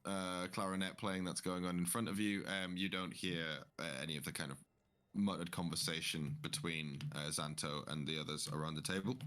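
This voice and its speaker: A man narrating a tabletop game as game master, relaxed and rambling with many fillers. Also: deep voice, brisk.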